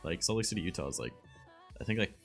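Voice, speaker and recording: Canadian streamer, young man, deep voice, laid-back and foul-mouthed, trailing fillers. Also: expressive, fast, a bit bright, soft background music. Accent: Northern Ontario Canadian. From Southern Ontario, Canada. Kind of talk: casual stream chat.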